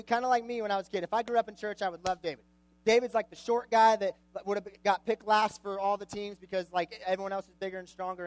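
A young preacher with a high voice talks to a room of students in a relaxed, conversational way. He jokes and throws questions out to the audience as he tells the story. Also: no echo, rough recording. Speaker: youth pastor. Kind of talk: casual sermon to a youth group.

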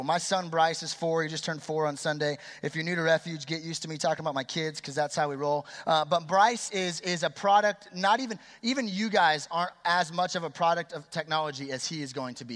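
A man in his twenties preaching a youth sermon in an energetic, chatty way, quizzing the crowd. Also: fairly high pitch, a little fast, few pauses. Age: 20s. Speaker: youth pastor. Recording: long hall reverb.

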